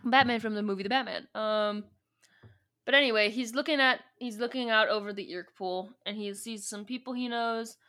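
A woman's voice: a little high, steady tone, moderate pace, sharp tone. A woman co-hosting a podcast, casually recapping and reading from a book, rambling and joking as she retells scenes. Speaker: podcast co-host.

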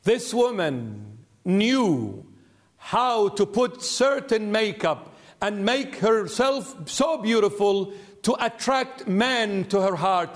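A preacher voicing a humble old male monk in a retold story, speaking slowly and sorrowfully. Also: high-pitched, lively intonation, full character voice.

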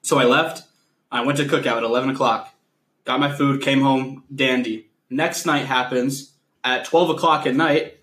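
A young man co-hosting a podcast, chatting casually and laughing often as he tells stories. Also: mid-range voice. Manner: laughs often, animated storytelling. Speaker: podcast co-host. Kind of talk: casual chat.

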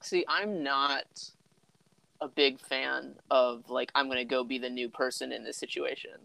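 Young man, casual chat, smooth clear voice, dry close sound. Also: mid-range voice, fairly even intonation, measured pace, pushed and bright, dry recording, rough recording. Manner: easygoing, laughing, loose storyteller.

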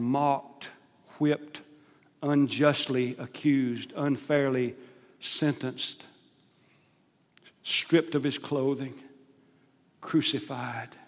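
A man preaching a sermon as pastor, emphatic, rising to loud stressed phrases and dropping to soft asides. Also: mid-range voice. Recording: long hall reverb.

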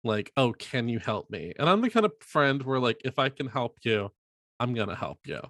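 A man in his twenties in casual conversation, telling lively stories and acting out quoted lines. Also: mid-range voice, normal speed, no room sound, studio quality. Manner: animated storyteller, acts out quotes loudly. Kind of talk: casual chat.

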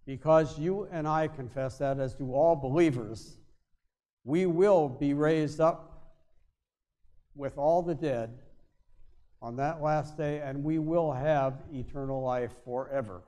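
A male pastor preaching a sermon, with emphatic stresses that drop to quiet, low endings. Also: slow pace. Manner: emphatic, swings between loud stresses and quiet drops.

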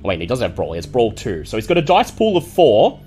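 A man narrating a tabletop game as game master, in a measured, descriptive way. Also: medium pitch, wildly swooping pitch, dark tone, husky, faint music behind.

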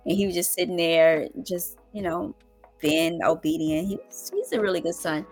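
A middle-aged woman telling a story to her viewers in casual, colloquial talk, calling them y'all and getting loud when excited. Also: fairly low pitch, normal speed, faint music behind. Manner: animated, with loud exclamations and laughs. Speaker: vlogger.

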